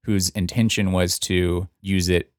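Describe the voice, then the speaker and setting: A man hosting a casual podcast, explaining in a relaxed way and laughing easily. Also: low voice, measured pace, no echo, studio quality. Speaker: podcast host, book fan.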